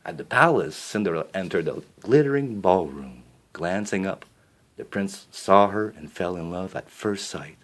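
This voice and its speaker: Low-voiced male storybook reader. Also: moderate pace. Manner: expressive with small slips and restarts. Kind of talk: reading a children's storybook aloud.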